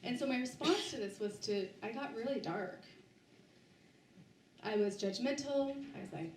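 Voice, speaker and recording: A woman's voice: fairly high pitch, darkish tone, roomy sound, recorded from a distance, slight background noise, rough recording. A woman giving a book talk to a live audience, sharing a personal story with many restarts and fillers. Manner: halting, with frequent restarts and fillers. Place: bookstore event space, indoors.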